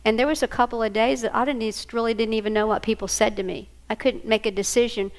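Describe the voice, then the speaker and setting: In a quick-paced voice on the high side, a female presenter teaches a live workshop. She tells stories animatedly and checks in with her listeners along the way.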